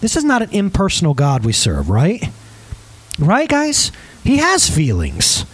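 A man's voice: sits high, huge pitch swings, a little slow, a bit bright, breathy edge, poor audio. A male pastor preaching a conversational sermon, emphatic, often asking the congregation questions.

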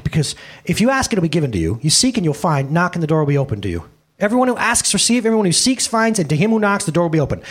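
A man in his thirties preaching a sermon as pastor, animated, swinging from loud bursts to quiet asides and acting out quoted voices, speaking into a handheld microphone. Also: a little high, breathy edge.

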